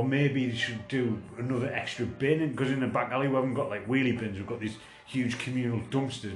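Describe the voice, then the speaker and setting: Rambling man in an echoey room. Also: medium pitch. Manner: rambling, swearing, self-mocking storyteller. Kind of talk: casual podcast chat.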